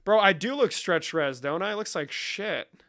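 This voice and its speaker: A man's voice: high voice, animated, normal speed, fairly bright tone. A man rambling through a comedic vlog in a profane, mock-serious, running banter. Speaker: comedic creator. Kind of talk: comedic screen-share vlog.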